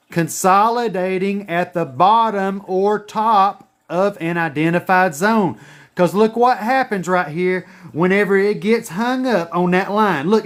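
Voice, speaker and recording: A man teaching chart reading in a casual screen-share lesson. He is emphatic and profane, and he repeats his points. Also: high voice. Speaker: trading educator.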